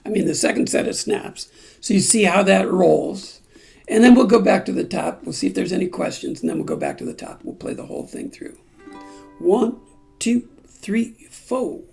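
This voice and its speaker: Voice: medium pitch, very animated, moderate pace, creaky, a little mellow, faint music behind. A ukulele group teacher explaining song timing step by step and breaking into snippets of the lyrics. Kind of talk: song-by-song music lesson.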